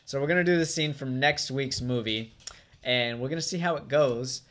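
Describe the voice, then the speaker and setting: Brief: male co-host, self-mocking jokes, bright. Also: medium pitch, moderate pace. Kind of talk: casual chat.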